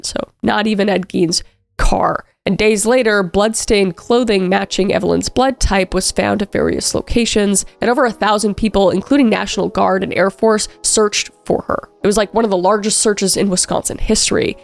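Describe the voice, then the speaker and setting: A woman in her thirties talks through a true crime case as a commentary host. Her voice sits at a middling pitch and the recording is dry and close, with no room sound. She speaks casually and emphatically, with plenty of fillers, her frustration showing. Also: no room sound.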